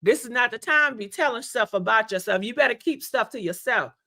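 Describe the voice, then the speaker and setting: A woman chatting casually on a livestream, animated and laughing often, her voice congested and hoarse from being sick. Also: fairly high pitch, a little fast, no echo. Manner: chatty, animated, laughs often, addresses viewers as y'all and honey. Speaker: livestream host.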